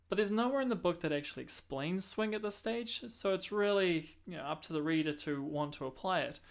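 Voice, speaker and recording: A man's voice: on the high side, creaky, fairly bright tone. Man teaching, counting rhythms aloud. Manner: explains patiently, counts and sings rhythms aloud. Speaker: saxophone teacher. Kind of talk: music lesson explanation.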